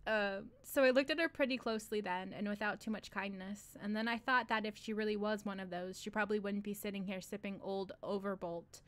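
A woman's voice: mid-range voice, fairly bright tone. A woman hosting a read-along, reading a short story aloud in a loose, slangy first-person voice and breaking off for casual asides where she laughs and swears. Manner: reads a street-wise first-person narrator in a loose, slangy drawl.

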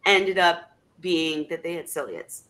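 A woman's voice: on the low side, measured pace. Chatty woman host on a video call. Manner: chatty, rambling, animated. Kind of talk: casual video chat.

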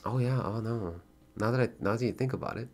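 A man chatting casually as a livestreamer, thanking viewers and donors, swearing freely and getting excited in bursts. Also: on the low side, quick pace.

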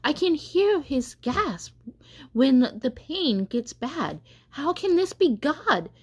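A woman's voice: medium pitch, lively intonation, slow, darkish tone, husky. A woman voicing a proud young male tree, anxious and pleading as he wonders aloud in a storybook. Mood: agitated.

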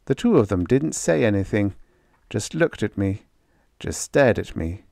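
A low-voiced man reads a first-person story aloud, his pitch moving in lively swings. The delivery is hard-boiled and expressive. The sound is dry and close, with no room around it. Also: a little slow, gravelly, no echo. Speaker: audiobook narrator.

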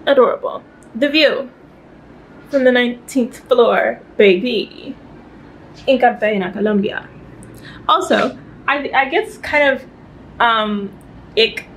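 A woman's voice: a little high, slight background noise, rough recording. A young woman vlogging casually as she shows off her hotel room, chatty and playful. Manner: chatty and animated, playful asides. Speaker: travel vlogger. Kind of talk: casual vlog chat.

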